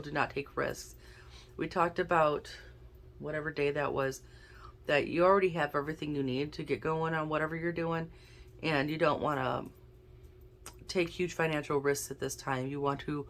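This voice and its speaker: A woman's voice: low-pitched, a little hiss or hum. A woman giving a casual tarot and oracle card reading, chatting and thinking aloud as she draws cards. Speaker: intuitive card reader.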